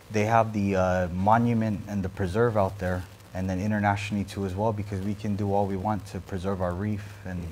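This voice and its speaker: Male candidate, Guam accent, low voice, eager, faint room noise. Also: darkish tone. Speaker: senatorial candidate. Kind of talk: answering panel questions.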